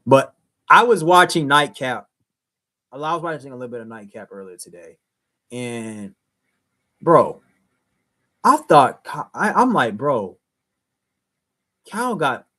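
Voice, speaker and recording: Animated man hosting sports talk. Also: medium pitch, unhurried, pauses often. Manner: animated, emphatic, talks straight to viewers. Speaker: show host. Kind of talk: casual late-night sports talk.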